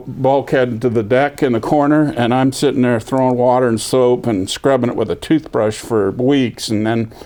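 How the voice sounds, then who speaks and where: An older veteran in an oral history interview, telling his story with energy and acting out other people's lines. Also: medium pitch. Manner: lively storyteller, acts out quoted voices.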